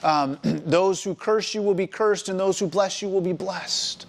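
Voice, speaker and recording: High-voiced man preaching a story sermon. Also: a little slow. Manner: animated storytelling, acting out the characters. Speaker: preacher at a college ministry. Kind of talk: sermon, retelling a scripture story.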